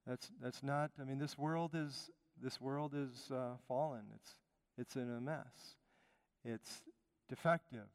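A man's voice: medium pitch, takes it slowly, clean tone. A man from Chicago preaching a conversational sermon as pastor, emphatic and repeating his phrases. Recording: long reverb of a hall.

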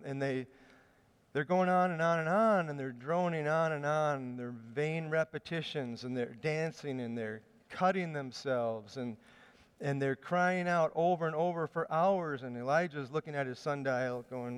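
Male preacher, slightly high, resonant voice, casual storytelling sermon in a reverberant hall. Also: a little slow, clear, resonant tone. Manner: conversational storytelling with hesitations.

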